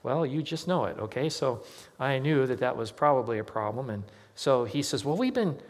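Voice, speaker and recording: A man preaches in a church, telling a story the way he would at a kitchen table and voicing each person he quotes. His voice sits in an ordinary middle pitch. A long reverb tail hangs after his words in a large hall. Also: normal speed. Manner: conversational, anecdotal, acts out quoted dialogue. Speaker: pastor.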